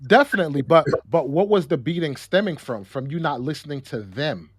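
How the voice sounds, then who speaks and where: Animated casual man, dry close sound. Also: on the high side, fairly quick, husky, no echo. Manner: animated, repeats words, slang-heavy. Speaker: podcast co-host. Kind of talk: casual discussion.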